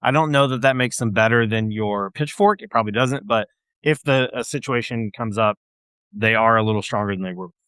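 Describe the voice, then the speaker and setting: A man's voice: lowish voice, a little fast, a bit bright, clean tone, no echo. A man narrating as game master of a tabletop game, casual and hesitant.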